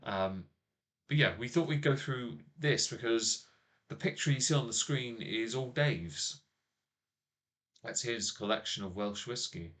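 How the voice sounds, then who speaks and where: A man's voice: medium pitch, measured pace, fairly bright tone. A man hosting a casual live stream from a small home office on a laptop microphone. He rambles, uses lots of fillers and teases his co-host. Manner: rambling, filler-heavy, teasing.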